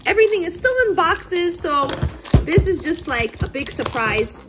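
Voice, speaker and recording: A woman toy blogger chatting casually at home as she unboxes toys, gushing and gasping with excitement. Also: very high voice, normal speed, over loud music. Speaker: toy collector and parent blogger.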